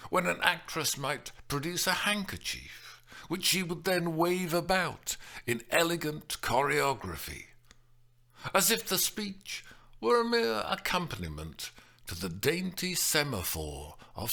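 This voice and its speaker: Slow, expressive male storyteller. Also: mid-range voice, creaky. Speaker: narrator. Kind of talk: audiobook narration.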